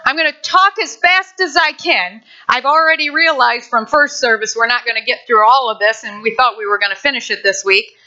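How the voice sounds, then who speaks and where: Woman pastor, sermon. Bright, slightly high voice, conversational and playful; muffled lo-fi recording. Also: a little fast, few pauses. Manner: lively, conversational preaching with playful asides. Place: church sanctuary.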